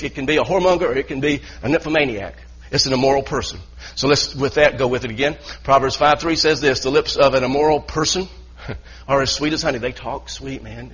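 Male pastor, husky mid-pitched voice, earnest stop-start preaching, muffled church recording. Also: a bit bright. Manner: earnest preaching with repeated restarts. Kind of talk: sermon.

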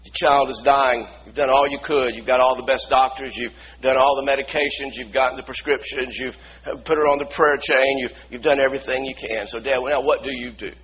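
A male pastor preaching a sermon, building from quiet storytelling to shouted praise. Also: mid-range voice, steady tone, brisk, lo-fi sound, slight background noise.

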